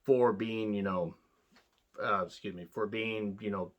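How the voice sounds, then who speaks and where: A man's voice: on the low side, steady tone, unhurried. A man giving a casual, profane wrestling review, blunt and sarcastic, rambling with restarts.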